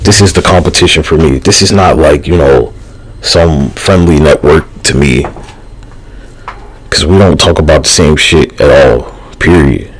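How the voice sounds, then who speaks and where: A man's voice: rumbling low, a little slow, husky, low-quality recording. A man live streaming, rambling loosely in a casual, profane, slangy way. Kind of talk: rambling casual livestream talk.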